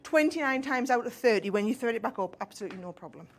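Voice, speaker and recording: A fast-talking woman with a slightly high, expressive voice demonstrates sewing step by step, and a little hiss or hum can be heard. She's a crafting guest expert from northern England, chatty and fond of checking in with "right?"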